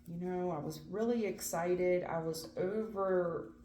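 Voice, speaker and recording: A woman's voice: lowish voice, measured pace, warm tone, echoey room, slight background noise. A woman doing a casual tarot reading, earnest and emphatic, repeating phrases and swearing now and then. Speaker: tarot reader.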